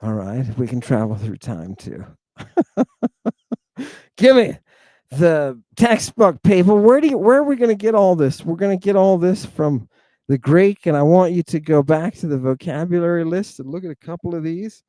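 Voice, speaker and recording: A man's voice: a little high, very animated, dry recording. Theatrical man drilling pronunciation, dry sound. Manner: theatrical, swings from loud to hushed; drawn-out, emphatic pronunciation drills. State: hot and sweating. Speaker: teacher. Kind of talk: lecture to an online audience.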